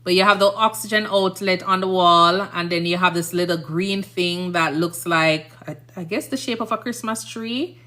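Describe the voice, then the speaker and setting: A Jamaican woman chats casually on her livestream, her voice bright and forceful though pitched fairly low. She rambles through stories and keeps checking in with her listeners, asking if they understand. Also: moderate pace, hardly any pauses. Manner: chatty, rambling, often asks "you understand?". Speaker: nurse and livestream host.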